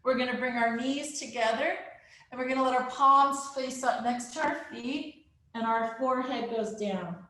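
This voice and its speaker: A woman's voice: sits high, moderate pace, bright, forceful tone. A woman guiding a children's yoga class, playful and encouraging, making animal sounds along the way. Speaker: kids yoga teacher. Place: live virtual class. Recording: very echoey room.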